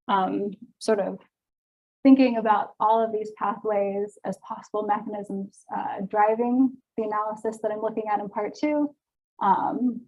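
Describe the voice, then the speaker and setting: A woman's voice: medium pitch, a little mellow, highs cut off. A woman giving an academic seminar talk, explaining research carefully with frequent ums, her voice sounding tired. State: voice getting tired. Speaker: seminar speaker.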